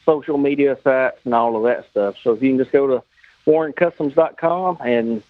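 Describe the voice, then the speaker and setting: A man's voice: medium pitch, moderate pace, dry recording. Storytelling man, dull dry sound. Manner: animated anecdote teller acting out quoted dialogue. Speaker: guest, custom car builder. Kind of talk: casual storytelling.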